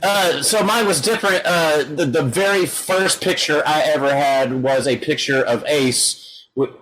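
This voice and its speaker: A guest musician in relaxed interview chat, circling his point with many fillers. He is a man with a slightly high voice. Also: a little slow, rough recording.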